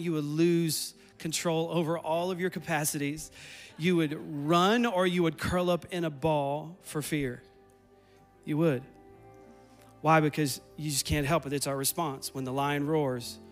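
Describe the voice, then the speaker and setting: A man preaching a sermon in a church, building with repetition and urgency and leading a prayer. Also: a little high. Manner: preaching with rising intensity and repetition. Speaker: pastor. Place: church sanctuary.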